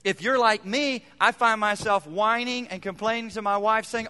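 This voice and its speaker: A male pastor preaches to his congregation, driving points home by repeating them. His voice sits high and sounds bright and forceful. The sound carries a long reverb from the church hall. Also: normal speed, few pauses, clear, resonant tone. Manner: emphatic, repeats phrases for effect. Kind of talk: sermon. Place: church sanctuary.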